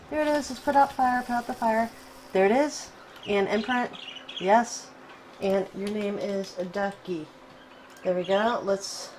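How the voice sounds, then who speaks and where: A woman hosting casual gameplay commentary, chatty and excitable, cooing fondly at her in-game pet. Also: mid-range voice, slight background noise, low-quality recording. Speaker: gaming channel host.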